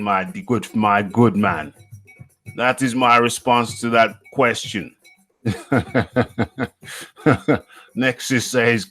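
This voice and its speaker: A man's voice: mid-range voice, fairly bright tone. A man from the UK hosting a live show, reading out the chat in a playful, repetitive way and chuckling often. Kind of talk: casual live-stream chat.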